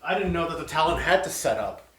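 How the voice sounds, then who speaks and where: Lively high-pitched man, playful. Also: quick pace, a little hiss or hum. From Canada. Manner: playful, teasing, reads labels aloud. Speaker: co-host. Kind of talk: casual beer-tasting chat. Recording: echoey room.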